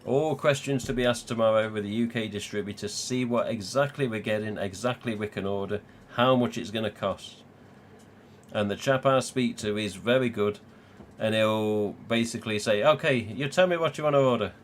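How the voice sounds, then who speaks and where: A man from England hosts a live stream, chatting casually, swearing freely and laughing often. His voice is lowish with a steady tone, he talks at a normal speed, and there's slight background noise.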